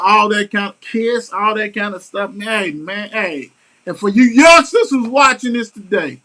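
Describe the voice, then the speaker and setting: Male talk-show host, high bright voice, blunt and slangy, swears a lot. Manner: blunt, slangy and emphatic, with frequent profanity. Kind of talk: casual sports-talk chat.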